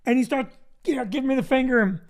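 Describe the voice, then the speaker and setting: A man's voice: very high voice, quick pace, vocal fry. Wry rambling comedian man. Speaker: comedian host. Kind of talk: casual comedic chat.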